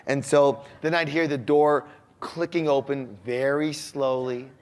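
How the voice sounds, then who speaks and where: A man's voice: mid-range voice, steady tone, a little slow, darkish tone. A man giving a motivational talk who tells a personal story and poses rhetorical questions to his audience before answering them himself.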